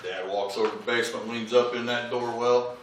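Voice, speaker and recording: A man's voice: medium pitch, fairly even intonation, a little fast, heavy reverb, far from the mic, slight background noise, low-quality recording. A man giving a humorous eulogy, telling family anecdotes and acting out the voices of the people in them. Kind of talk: storytelling eulogy at a memorial. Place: large memorial hall with audience. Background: audience laughter.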